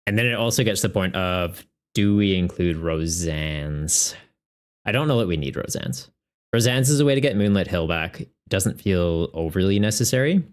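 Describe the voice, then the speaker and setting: A man's voice: low-pitched, animated, moderate pace. A man chatting casually on a live stream as a tournament organizer, laughing often and joking with his viewers.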